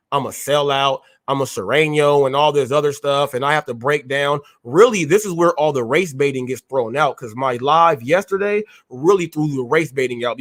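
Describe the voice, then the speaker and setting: A man's voice: mid-range voice, fairly bright tone. A man hosting a live stream, ranting in a fiery, confrontational way with slangy street talk. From California. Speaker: host. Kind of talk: heated live-stream rant.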